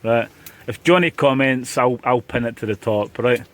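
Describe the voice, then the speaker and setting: A man's voice: mid-range voice, normal speed, fairly bright tone. Chatty Scottish man camping in the rain. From Scotland. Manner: chatty and jokey, playful outbursts. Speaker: vlogger. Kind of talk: casual camping vlog chat. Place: inside a hot tent in the rain.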